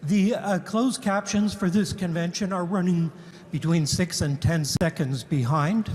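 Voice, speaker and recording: Polite high-voiced delegate, hall reverb. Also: male voice, fairly even intonation, a little mellow. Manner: polite, measured request. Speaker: convention delegate. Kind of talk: formal floor speech. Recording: long reverb from a large hall.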